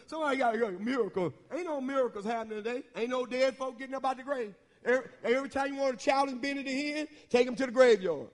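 A middle-aged man preaching a sermon, folksy and quick to laugh, often asking the congregation questions. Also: very high-pitched.

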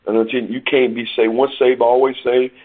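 A man's voice: mid-range voice, little pitch movement, slightly rough. A man preaching and announcing upcoming sermons, then leading a prayer, heard over a phone call. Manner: preacherly, emphatic with drawn-out words. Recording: tinny phone line.

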